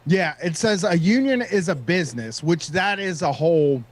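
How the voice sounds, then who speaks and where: A man's voice: on the high side, animated, moderate pace. A man co-hosting a casual talk show, reading out points and mocking them sarcastically. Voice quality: sarcastic, reads text and mocks it. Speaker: podcast co-host. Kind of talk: casual chat, reading aloud and commenting.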